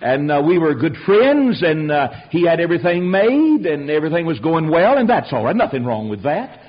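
A man preaching a sermon, telling stories with lively rhetorical asides. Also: a little high, moderate pace. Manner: animated storytelling with rhetorical asides. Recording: dull lo-fi recording.

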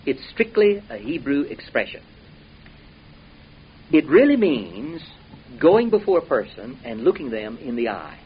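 Guy preaching, folksy and emphatic, gets loud then drops soft, muffled old recording. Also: mid-range voice, big pitch swings, a little slow, long pauses, husky. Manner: folksy, emphatic, rising and dropping volume. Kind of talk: sermon. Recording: dull lo-fi recording with faint hiss.

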